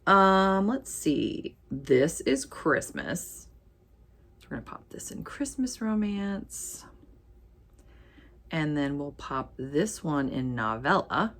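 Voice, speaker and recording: Chatty woman vlogger, low voice that swoops widely, reading titles with playful asides. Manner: chatty, animated, reads titles aloud with quick asides and laughs. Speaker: book vlogger. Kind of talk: casual chat while sorting ebooks.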